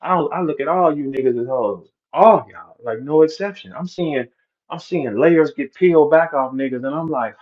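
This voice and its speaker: A man's voice: fairly high pitch, moderate pace. Profane ranting man on muffled audio. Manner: aggressive, mocking, heavy profanity. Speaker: host of an online audio room.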